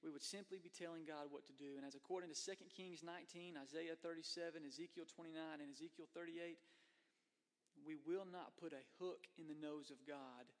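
A man's voice: a little high, steady tone, brisk. A man preaching a conversational sermon as a pastor, slipping into voices for the people he quotes. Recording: long hall reverb.

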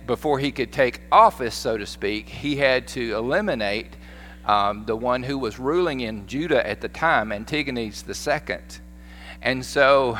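A man with a Southern American accent, a pastor giving a sermon in a folksy, animated storytelling manner. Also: mid-range voice. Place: church sanctuary. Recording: echoey church hall with faint hum.

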